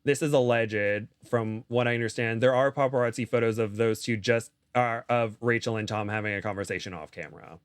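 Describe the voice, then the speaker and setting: A man's voice: medium pitch, steady tone, brisk, hardly any pauses, clear, resonant tone, no room sound, clean studio sound. A man recounting reality-show gossip in a casual chat, rambling with frequent restarts and self-corrections. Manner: rambling retelling with many restarts, acting out quotes. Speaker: podcast guest.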